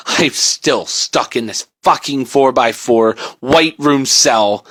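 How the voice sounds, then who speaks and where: A man's voice: mid-range voice, takes it slowly, few pauses, a bit bright, husky. A man telling a first-person creepypasta horror story in a casual, profane, dramatic way.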